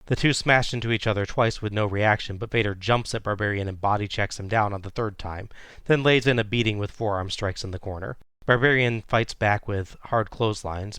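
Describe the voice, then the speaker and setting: Low-voiced man recapping matches. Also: clean tone, no echo, clean studio sound. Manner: steady play-by-play retelling. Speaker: podcast co-host recapping wrestling. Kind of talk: casual recap narration.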